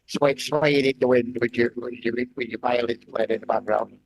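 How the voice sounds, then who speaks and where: A man's voice: medium pitch, fairly even intonation, normal speed, vocal fry, poor audio. A man joining a livestream by video call, chatting casually with a dry, teasing manner. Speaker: guest on call. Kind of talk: casual chat over a call.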